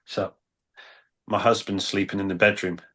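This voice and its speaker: A man's voice: sits low, little pitch movement, normal speed, sharp tone. A man with a British accent, a dating coach, telling cheeky stories in a matter-of-fact way. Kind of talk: casual storytelling on a panel.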